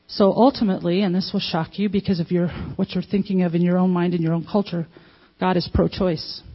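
A woman's voice: lowish voice, flat delivery, fairly quick, slightly rough, muffled recording. A woman preaching a sermon in a conversational way, putting questions to the congregation and acting out little quotes. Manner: conversational, asks the audience questions, acts out quotes.

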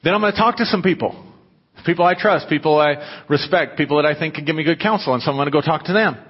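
A pastor preaches a sermon to his congregation in a conversational manner, breaking into emphatic, raised bursts. His husky voice is on the high side and he talks fast. The audio is dull and muffled, with long hall reverb.

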